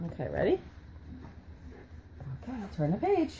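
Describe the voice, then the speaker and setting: A woman's voice: lowish voice, huge pitch swings, unhurried, long pauses, noisy background. A mother reading a picture book to her baby at home, full of gasps, whispers and playful baby talk.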